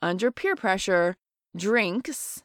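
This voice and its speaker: In this relaxed parenting conversation, a middle-aged woman co-host makes her case earnestly and emphatically, leaning on everyday examples. She speaks slowly but animatedly, at a medium pitch with a fairly bright tone. The sound is clean studio audio without any echo.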